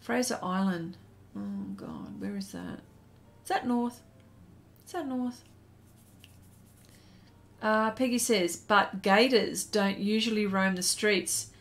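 A woman's voice: mid-range voice, animated, takes it slowly, pauses often. An Australian woman hosting an art live stream, chatting casually and reading viewer comments aloud as she draws.

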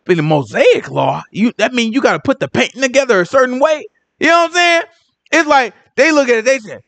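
A man teaching Bible study in casual, animated commentary, full of slang and "you know what I'm saying". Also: very high voice, a little fast, creaky. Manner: animated and joking.

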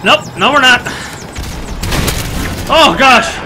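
A man giving excited commentary over shooter gameplay, swearing, whooping and muttering to himself to calm down. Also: very high voice, drawn-out words, noisy background. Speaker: gaming commentator. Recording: loud game gunfire under the voice. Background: gunfire and explosions from the game.

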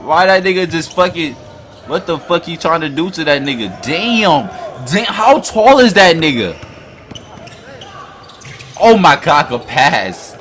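A man hosting a basketball reaction video, talking in a loud, hyped, profane way and often shouting at the screen. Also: fairly high pitch, very animated, a little slow, slight background noise. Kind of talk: excited basketball reaction commentary.

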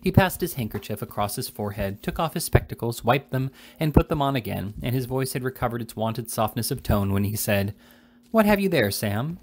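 A man reading a classic novel aloud in a steady, measured storytelling manner. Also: mid-range voice, slight background noise. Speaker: reader. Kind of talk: audiobook narration of a classic novel.

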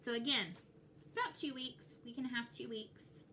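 A young woman with a Texas accent, chatting casually and excitedly to her viewers as a cross-stitch vlogger. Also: a little high, normal speed, background noise. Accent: Texan. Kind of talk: casual chat to camera.

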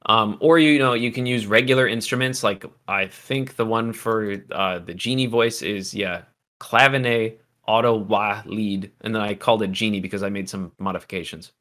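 A man teaching music production in a casual livestream, loose and chatty with asides to the chat, a little hoarse as he is losing his voice. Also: on the low side, normal speed, pushed and bright.

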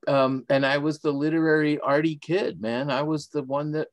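A man's voice: on the high side, fairly even intonation, moderate pace. An older man from Mexico, a guest author in a casual interview, telling stories jovially and laughing easily.

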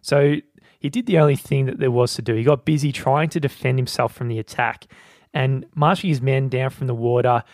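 A man co-hosting a podcast, talking through a book's ideas in a relaxed, conversational way. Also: mid-range voice, a little fast, dry recording, clean studio sound. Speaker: podcast co-host. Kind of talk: casual book discussion.

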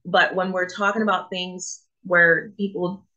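A woman's voice: on the low side, level tone, a little slow, pushed and bright, lo-fi sound. A woman from Africa hosting a reaction video, commenting thoughtfully and often restarting her sentences. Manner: thoughtful, hesitant, with frequent restarts. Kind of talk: casual commentary.

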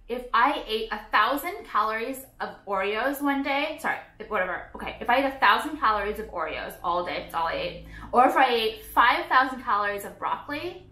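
A young woman vlogs into a phone camera in a blunt, foul-mouthed rant, her talk packed with "like". Her voice sits a little high and sounds bright and sharp. The room around her is echoey. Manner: blunt, profane, peppered with "like". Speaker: vlogger. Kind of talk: ranting casual vlog. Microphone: phone camera at arm's length.

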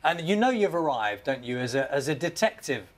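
Fairly high-voiced chatty male presenter. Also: sing-song, fairly quick. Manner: chatty, stumbling over names. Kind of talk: TV interview chat.

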